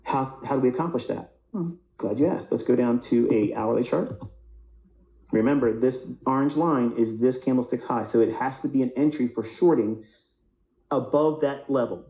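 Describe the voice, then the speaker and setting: In an echoing room, a male trading instructor teaches live from price charts, his voice mellow and low in brightness, his pace moderate. He frequently asks and answers his own questions, repeats words, and breaks off to restart sentences.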